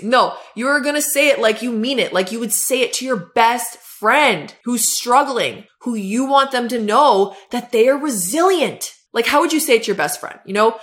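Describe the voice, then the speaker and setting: A woman's voice: fairly high pitch, fairly bright tone. A young woman hosting a self-help podcast, talking bluntly and emphatically with lots of swearing, like a pep talk. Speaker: podcast host.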